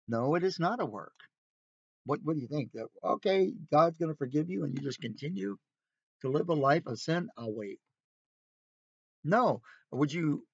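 Inside a recreational vehicle, a man with a medium-pitched voice leads an informal Bible study, like a casual sermon. He talks conversationally with rhetorical questions and emphatic asides, and the recording is dry, dull and lo-fi with no echo.

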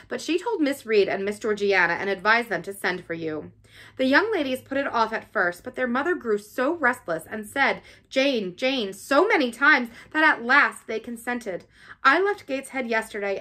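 A woman's voice: a little high, pushed and bright. A woman voicing a respectful male servant bringing grave news, in an audiobook reading.

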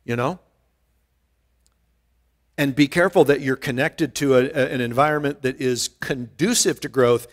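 A male pastor giving an earnest verse-by-verse Bible teaching, rising in pitch and volume to stress a point and often restarting his words. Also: normal speed, pauses often. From United States. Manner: rises in pitch and volume for emphasis.

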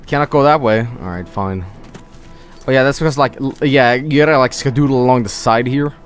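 A man's voice: mid-range voice, fairly quick. Young male streamer, drowsy and rambling, allergy-itchy throat, faint game music underneath. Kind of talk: casual gameplay chat.

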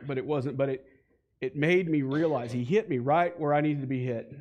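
A man's voice: mid-range voice, normal speed, darkish tone, lo-fi sound. A man in his forties telling his personal faith story to a church congregation, conversational and building to heated emphasis. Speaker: guest speaker giving a testimony. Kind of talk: church testimony. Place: church sanctuary.

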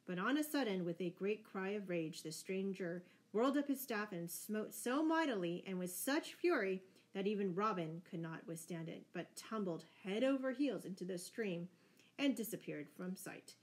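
A woman reading a classic adventure story aloud, narrating steadily and lifting her voice for the characters' shouts. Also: moderate pace, rough recording. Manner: lively, raising pitch and volume for shouted dialogue. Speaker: audiobook reader.

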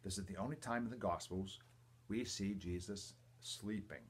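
An older man, a priest, reading the gospel and a homily in a measured, reverent way, with emphatic quotes and quiet asides. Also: low-pitched, slightly rough. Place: church or home, livestream.

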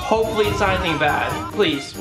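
A woman hosting a reaction video, shouting panicked exclamations at what she watches, in a roomy space with music behind. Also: mid-range voice, fast, over a noisy crowd. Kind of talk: excited reaction commentary. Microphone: headphones and desk mic.

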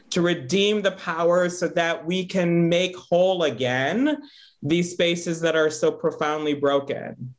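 A man with a fairly high voice speaks earnestly as he hosts a reflective interview. He thinks aloud in searching, winding sentences, checking in with his guest as he goes. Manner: earnest, searching, many "right?" tags. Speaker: host.

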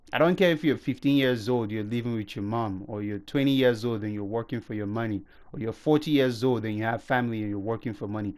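Angry young guy vlogging a rant, swears a lot, scolds then pleads, middle-pitched voice. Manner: heated, profane, scolding and pleading with viewers. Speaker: gaming YouTuber.

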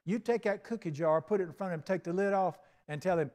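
An older pastor delivers a sermon in a drawl, his voice sitting fairly high and his pace fast. His preaching is folksy and story-driven, acting out little conversations and swinging widely between hushed and booming.

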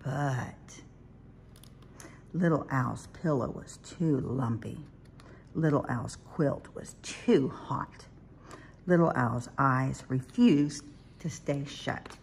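A woman reading a children's picture book aloud in a gentle, lilting, expressive way. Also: extremely low pitch, drawn-out words, vocal fry, pauses often, a little hiss or hum. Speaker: storybook reader.

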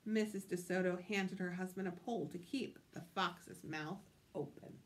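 A woman's voice: on the low side, moderate pace. A woman reading a picture book aloud with expression, stopping to ask her listeners questions. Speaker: storytime reader.

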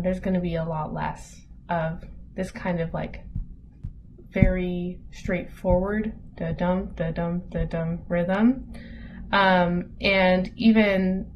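A woman teaching an online lesson in a relaxed, casual way, with many ums as she reads examples aloud. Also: medium pitch. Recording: dull lo-fi audio with faint noise.

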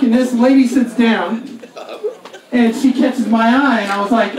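A stand-up comedian in his forties works a comedy club stage, his voice very high-pitched and his pace moderate. His set is profane, self-mocking, and rambling, heard from far off in an echoey club with the audience laughing.

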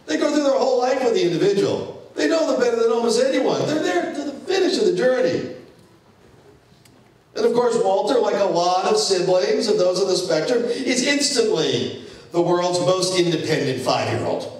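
A man in his fifties tells a family story to a live audience, his pitch swinging up and down as he drops wry asides. His voice sits a little high for a man. It rings through a very echoey hall, picked up from some distance away. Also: moderate pace. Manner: animated, wry storyteller with dry jokes. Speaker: keynote speaker. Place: event hall.

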